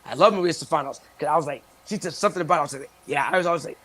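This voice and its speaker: A man from Cape Cod, a guest chatting casually in an interview, telling animated stories and laughing often. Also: fairly high pitch, very fast. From Cape Cod, Massachusetts.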